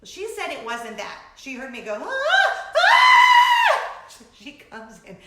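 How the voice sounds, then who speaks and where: A middle-aged woman hosting a casual chat vlog, telling stories with animated energy, laughing often and acting out shrieks. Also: fairly high pitch, moderate pace, roomy sound, background noise. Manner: animated storytelling, breaks into laughter, acts out shrieks. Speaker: vlogger host.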